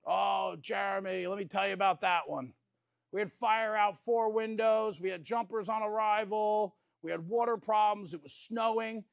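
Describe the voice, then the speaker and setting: A man's voice: sits high, fairly even intonation, normal speed, creaky, dry recording. A man voicing a ninety-year-old veteran firefighter who eagerly tells and embellishes old fire stories. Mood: eager storytelling.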